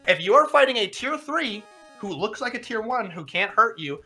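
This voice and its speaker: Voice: medium pitch, very animated, moderate pace, bright, forceful tone, breathy edge, soft background music, exaggerated voice. A streamer voicing a strict male combat teacher who lectures with rhetorical questions and dry humor in a tabletop role-play. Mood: lecturing. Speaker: game master.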